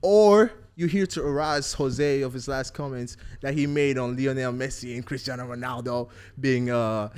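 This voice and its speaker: A man hosting a casual football podcast chat, playful and quick to laugh. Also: mid-range voice, a little mellow, clear, resonant tone. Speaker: podcast host.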